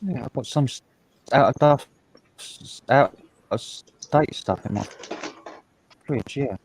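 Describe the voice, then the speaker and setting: A man's voice: medium pitch, a little slow, a little mellow, slight background noise, rough recording. A man chatting bluntly on a livestream and swearing freely. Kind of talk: casual livestream chat.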